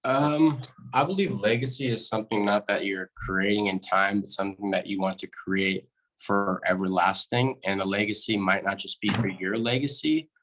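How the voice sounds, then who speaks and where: A man taking part in a workshop who answers a question in a thoughtful, measured way. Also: lowish voice, fairly bright tone, rough recording. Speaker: workshop participant.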